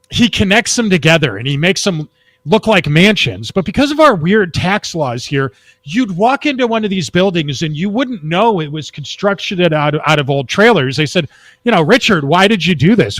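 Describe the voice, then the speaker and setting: A man from Texas, a talk show guest who tells long rambling anecdotes in a casual, animated way over a remote call from a high-rise apartment. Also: no echo.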